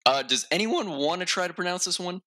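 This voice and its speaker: A man's voice: high voice, expressive, a little fast, bright, forceful tone. A man hosting a casual podcast chat, rambling and self-mocking with lots of filler words. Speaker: podcast host.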